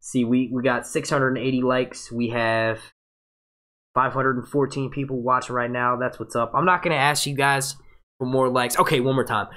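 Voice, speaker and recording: Excitable, profane man streaming live. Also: mid-range voice. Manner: excitable, profane and jokey, does quick impressions. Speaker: livestream host. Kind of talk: casual live show breakdown. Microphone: webcam mic with green screen.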